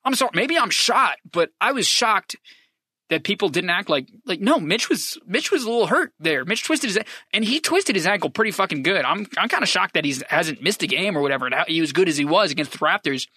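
A basketball fan commentator delivering an impassioned, profane sports opinion rant, swinging between loud rapid-fire complaints and quieter rambling musings. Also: medium pitch, animated, breathy edge, no echo, clean studio sound.

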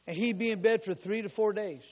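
Fervent high-voiced preaching man. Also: fairly quick. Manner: fervent, shouted declarations and call-and-response. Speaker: pastor. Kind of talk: sermon. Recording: long hall reverb, dull lo-fi sound.

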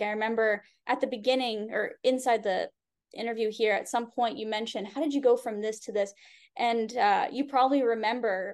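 A woman business coach speaking as a podcast guest in a relaxed, candid way, with many casual fillers. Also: fairly high pitch. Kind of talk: casual chat.

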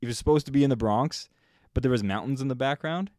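A man's voice: mid-range voice, fast, a little hiss or hum. A young man hosting a casual podcast chat, joking and laughing often. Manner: lively, laughs often, jokey. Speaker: podcast host.

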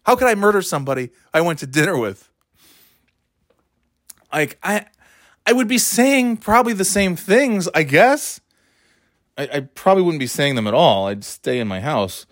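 A man's voice: on the high side, big pitch swings, normal speed, pauses often, fairly bright tone, dry recording, studio quality. A man hosting casual commentary, sarcastic and rambling, with frequent swearing. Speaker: commentary host.

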